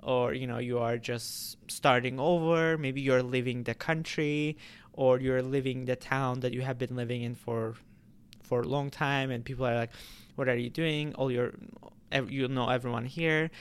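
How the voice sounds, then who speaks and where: A man vlogging straight to his audience, his voice smooth and clear at a middling pitch. He rambles in a relaxed way, circling back with fillers and restarted phrases as he thinks aloud. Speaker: YouTuber. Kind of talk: casual vlog talk to camera.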